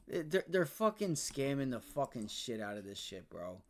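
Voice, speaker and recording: A young man hosting a live day-trading stream, ranting and swearing about the market, swinging between loud outbursts and low muttering. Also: expressive, normal speed, few pauses. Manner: frustrated, profane, ranting about price action. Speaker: day trading livestream host.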